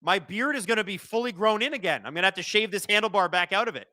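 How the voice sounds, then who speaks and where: A young man hosting a live watch-along of a hockey game, calling the plays fast and shouting at the referees. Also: high-pitched, dry recording. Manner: excitable, shouts and swears at the referees.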